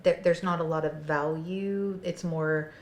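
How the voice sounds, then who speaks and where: A woman's voice: sits low, steady tone, a little slow. A woman co-hosting a podcast, talking in a thoughtful, casual way in an office conference room. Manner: thoughtful, talks in lists and frameworks. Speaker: podcast co-host.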